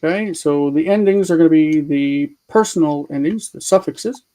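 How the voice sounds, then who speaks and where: On a rough recording, a man with a warm, highish voice at a moderate pace gives a live grammar lesson by video call. He explains patiently one step at a time, repeating examples, and chats while thinking aloud as he works his screen tools.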